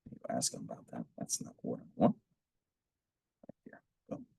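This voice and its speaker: A low-pitched man talks a class through a lecture in a loose, rambling way, full of ums and restarts. He sits some way back from the mic. The result is a casual, unpolished classroom recording. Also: big pitch swings, normal speed, creaky, pauses often, warm tone, far from the mic. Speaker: instructor.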